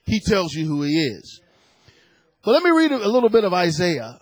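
A man preaching a sermon, moving from a hushed prayer and scripture reading to fervent, shouted declarations. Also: sits high, huge pitch swings, normal speed, breathy edge, no echo, poor audio. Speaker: pastor.

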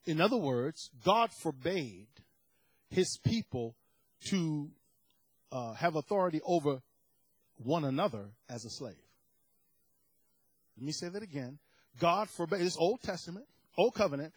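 A man preaching a sermon, swinging from quiet storytelling to fervent shouted passages. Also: a little high, expressive, normal speed, pauses often, slightly rough, no room sound, poor audio.

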